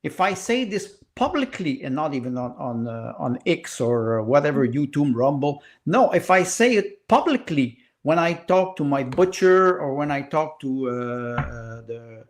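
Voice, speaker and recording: A man's voice: fairly high pitch, very animated, a little slow, hardly any pauses. A Canadian man and writer, arguing politics in a podcast panel in an impassioned, emphatic way, repeating points for force.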